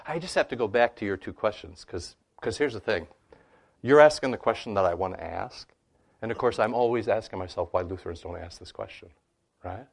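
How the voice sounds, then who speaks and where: A man with a fairly low voice talks through scripture as he answers questions. He is animated and conversational, and he keeps checking in with "right?" and "you know.". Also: fairly quick, gravelly. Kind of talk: conversational teaching.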